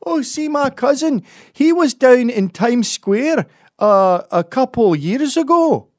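A man's voice: animated, slow pace, heavily acted. A man putting on a Scottish accent to voice a chatty, nosy Glaswegian man who asks eager questions. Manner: high-pitched, eager questioning.

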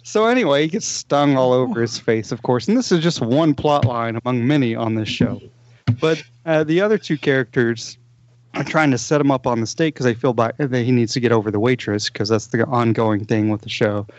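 A man on a podcast, telling the plot of a TV show in a rambling, animated way, with many restarts. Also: mid-range voice, a little fast, muffled recording. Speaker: podcast co-host. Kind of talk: casual chat, recommending a TV show.

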